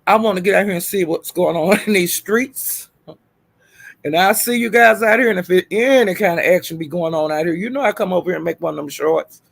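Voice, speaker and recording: A man's voice: high voice, a little fast, creaky. A man hosting a livestream in casual commentary, giving blunt, profane advice. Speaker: livestream host.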